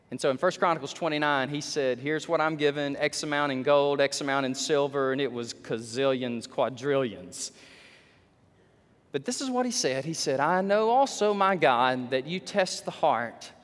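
A male pastor preaching a sermon in church, animated, dropping low and slow, then rising to loud high exclamations. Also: in a large hall. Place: church sanctuary.

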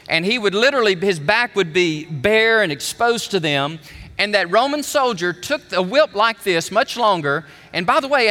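Male preacher, high bright voice, animated object-lesson sermon, hall reverb. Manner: animated, emphatic storytelling.

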